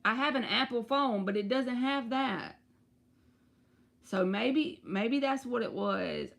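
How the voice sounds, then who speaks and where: A woman, giving tarot readings on a live stream and chatting to her viewers in an animated, storytelling way. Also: medium pitch, creaky. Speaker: tarot reader.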